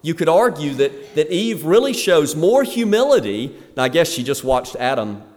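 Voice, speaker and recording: A man's voice: fairly high pitch, sing-song, moderate pace, darkish tone. Man preaching in an echoey hall. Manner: emphatic, preacherly, with fillers and restarts. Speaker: pastor. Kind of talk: sermon.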